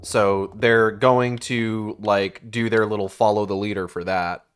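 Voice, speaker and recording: A man's voice: on the low side, steady tone, a little slow, clean tone. A man streaming a video game live, chatting casually and swearing as he plays, thinking aloud with plenty of fillers. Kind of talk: live gameplay commentary.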